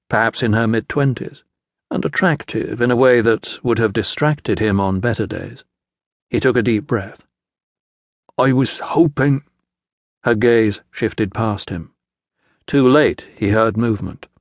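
A man narrating a historical novel as an audiobook in a measured, even storytelling manner. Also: fairly low pitch, no echo. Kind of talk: scripted narration. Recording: dry studio audiobook.

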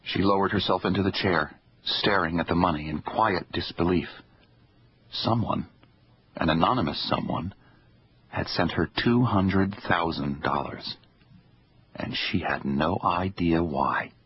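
A man narrating a suspense novel in a measured, even storytelling manner. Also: deep voice, breathy edge, dull audio. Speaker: audiobook narrator. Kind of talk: scripted narration.

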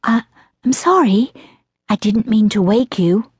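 A woman's voice: animated, unhurried, husky, no echo, full character voice. A woman narrator voicing a spirited, slightly peevish young girl in an audiobook. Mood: meek. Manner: higher and brighter than the narration. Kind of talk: audiobook character voice.

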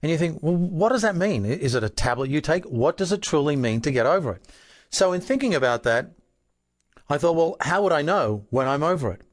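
A man's voice: on the high side, lively intonation, brisk, no echo, clean studio sound. A man with an Australian accent explaining emotions in an earnest self-help talk, often posing rhetorical questions. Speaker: self-help author and relationship coach.

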